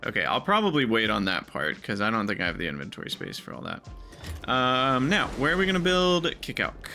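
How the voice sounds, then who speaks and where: Bright, gravelly man muttering over gameplay. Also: mid-range voice, big pitch swings, a little fast, soft background music. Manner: thinking aloud, muttering to himself. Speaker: gaming video creator. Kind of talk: casual gameplay commentary.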